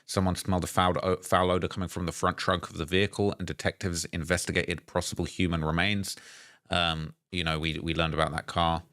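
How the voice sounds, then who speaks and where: Deep-voiced man reading messages aloud. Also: little pitch movement, brisk, fairly bright tone, no echo, studio quality. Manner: reads messages aloud, hesitant with fillers and restarts. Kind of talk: commentary video narration.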